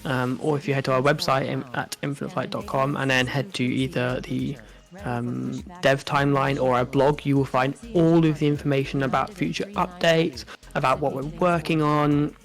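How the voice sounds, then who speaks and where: Gravelly man chatting on a stream. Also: mid-range voice, moderate pace. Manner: chatty, relaxed, frequent ums. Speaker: stream co-host. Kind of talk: casual live-stream chat.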